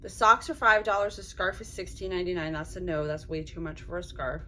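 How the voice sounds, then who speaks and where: A woman's voice: on the low side, steady tone, brisk, pushed and bright. A young woman chats through a subscription box unboxing in a loose, unscripted vlog voice. She sounds frustrated and rambles, leaning on "like" as she talks her way through the items. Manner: frustrated, fills talk with "like".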